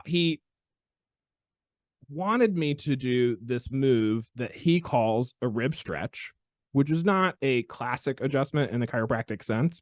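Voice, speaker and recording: A man hosting a podcast as a chiropractor, telling a story in an animated, expressive way. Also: medium pitch, no echo, clean studio sound. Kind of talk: casual storytelling chat.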